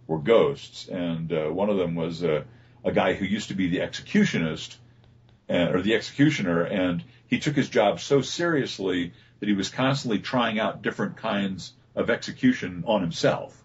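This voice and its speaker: A man, a voice actor being interviewed, telling relaxed stories about his work with many fillers and restarts. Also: low-pitched, moderate pace, a little hiss or hum. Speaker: voice actor guest. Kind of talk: casual interview talk. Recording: dull lo-fi recording.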